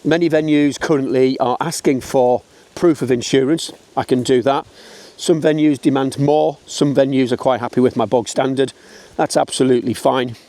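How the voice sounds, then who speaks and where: A man's voice: medium pitch, mellow. Blunt chatty English man, walking vlog. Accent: British English. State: out of breath going uphill. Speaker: wedding photographer. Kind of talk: casual walking vlog to camera. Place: outdoors, walking uphill.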